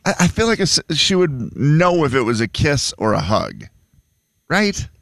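A man's voice: on the high side, very animated, moderate pace, vocal fry, a bit bright, no echo. A man co-hosting a morning radio show, chatting and joking around with his co-hosts in the studio. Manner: chatty and joking, teasing a co-worker. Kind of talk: casual morning radio banter. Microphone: studio microphone.

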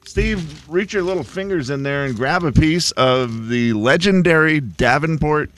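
A man co-hosting a casual radio show, telling stories in an animated way. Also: fairly high pitch, unhurried. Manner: storytelling, animated. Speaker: radio co-host. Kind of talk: casual morning radio banter.

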